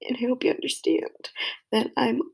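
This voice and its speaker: A woman's voice: sits high, moderate pace, creaky, husky. A young woman crying as she gives a rambling, heartfelt tribute to a friend. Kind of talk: emotional personal tribute.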